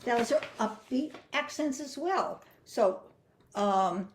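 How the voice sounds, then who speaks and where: A woman's voice: high voice, lively intonation, takes it slowly. An older woman teaching flute phrasing, explaining patiently and singing rhythms and counting beats aloud. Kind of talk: music masterclass.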